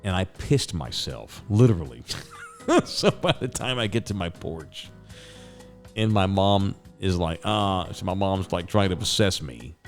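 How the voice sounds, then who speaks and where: Deep-voiced man, profane storyteller. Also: unhurried, soft background music. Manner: profane, rambling, animated retelling with sound effects. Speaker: host telling stories. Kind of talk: casual storytelling monologue.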